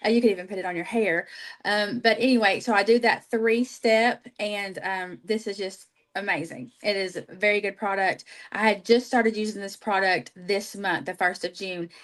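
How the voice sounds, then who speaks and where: A woman's voice: mid-range voice, fairly even intonation, normal speed. Heartfelt, tender woman telling stories. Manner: heartfelt, emotional, storytelling. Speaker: team leader, guest. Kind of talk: casual livestream chat.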